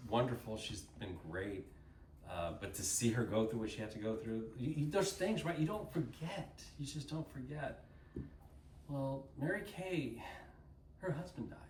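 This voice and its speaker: A man in his fifties from Texas with a Texan accent, telling animated folksy stories and saying y'all to his audience. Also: mid-range voice. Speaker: guest speaker. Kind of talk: casual storytelling talk. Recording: roomy, distant mic with faint noise.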